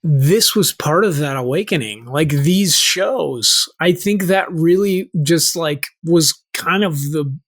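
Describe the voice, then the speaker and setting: A man's voice: a little high, lively intonation, takes it slowly, few pauses, a bit bright. A middle-aged man in casual chat as podcast co-host, talking earnestly and searching for his words.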